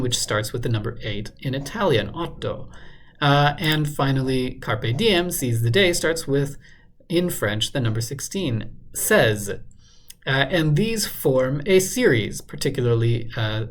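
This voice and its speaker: A man solving a crossword out loud, muttering guesses and filling pauses with lots of ums and uhs. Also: mid-range voice. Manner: muttering, hesitant, many fillers. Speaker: crossword solver. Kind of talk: thinking aloud while solving a puzzle.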